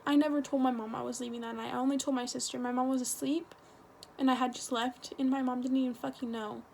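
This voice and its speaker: A woman's voice: high voice, little pitch movement, quick pace, creaky, darkish tone, slight background noise. A teenage woman telling a personal story in a rambling, casual way, full of fillers and swearing. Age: teens. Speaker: vlogger.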